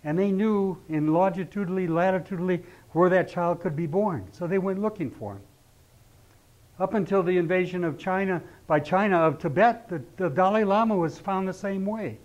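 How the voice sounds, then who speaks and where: A man's voice: sits high, moderate pace. A middle-aged man teaching an astrology class, talking conversationally and often putting rhetorical questions to his students. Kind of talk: lecturing a class. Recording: dull lo-fi recording.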